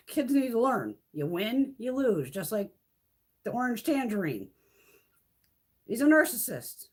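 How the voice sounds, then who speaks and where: A middle-aged woman talks straight to her viewers in a loose livestream rant. Her voice sits high and swings widely as she swears and laughs. She is blunt and unfiltered, never holding back. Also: big pitch swings, a little slow, slightly rough. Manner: blunt, profane and laughing often. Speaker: beauty vlogger.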